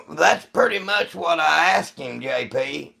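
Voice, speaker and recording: Slow, gravelly-voiced man telling stories. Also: a little high, expressive, sharp tone. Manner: profane, rambling storytelling. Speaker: livestream host. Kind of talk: casual storytelling to live chat.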